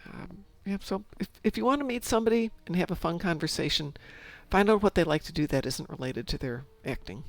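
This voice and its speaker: A woman's voice: on the low side, animated, a little fast, vocal fry, few pauses. A middle-aged woman streaming a game, chatting casually and talking to herself as she plays. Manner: chatty, rambling, self-talk while playing. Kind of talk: casual chat while gaming.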